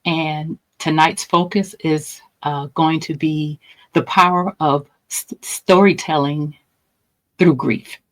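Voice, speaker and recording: A woman hosting a grief-support podcast, opening in a measured, gentle way. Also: sits low, steady tone, low-quality recording. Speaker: podcast host.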